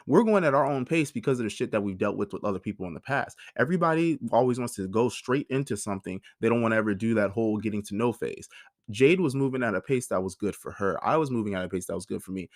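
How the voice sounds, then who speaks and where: A man's voice: fairly low pitch, no room sound, studio quality. A man in his thirties hosting a podcast, telling a personal story in a blunt, emotional way, with a lot of swearing and acted-out dialogue. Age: 30s. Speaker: podcast host.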